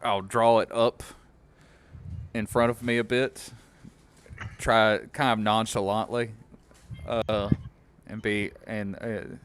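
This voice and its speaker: A man's voice: lowish voice, flat delivery, takes it slowly, long pauses, a bit bright, clear, resonant tone. A man playing a tabletop game, speaking hesitantly with many fillers. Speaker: player. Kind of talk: tabletop role-play.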